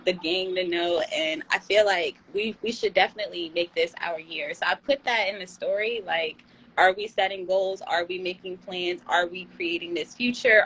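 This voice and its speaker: Animated young woman chatting on a livestream. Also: on the low side, husky, poor audio. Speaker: tarot channel host. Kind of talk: casual livestream chat.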